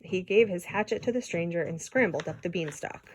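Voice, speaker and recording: Woman, children's story read-aloud, expressive, a few slips and restarts. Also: lowish voice, brisk, background noise. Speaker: storybook reader.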